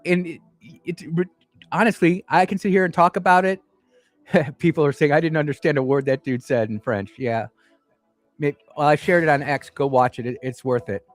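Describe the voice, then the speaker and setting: A man's voice: a little high, normal speed, faint music behind. A man hosting a talk radio show from a studio, speaking with passion and often repeating himself or restarting sentences. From Mississippi.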